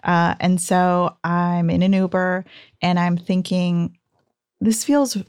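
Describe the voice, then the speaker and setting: A woman telling a personal story in casual chat, animated and full of "like"s. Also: fairly low pitch, slow, clear, resonant tone, dry recording, studio quality. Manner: animated, breathless storytelling with many "like"s.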